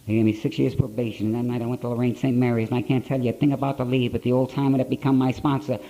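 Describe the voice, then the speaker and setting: Middle-aged man, mellow warm tone, blunt plain-spoken storyteller at a podium, old conference tape. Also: medium pitch, flat delivery, very fast, low-quality recording. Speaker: speaker at a recovery conference. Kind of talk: personal recovery story told to an audience.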